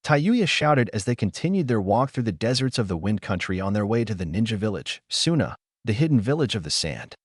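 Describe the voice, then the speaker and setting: Brief: male storyteller, low and animated, dry close mic. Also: brisk, hardly any pauses, no room sound. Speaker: narrator. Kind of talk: fan fiction audiobook reading.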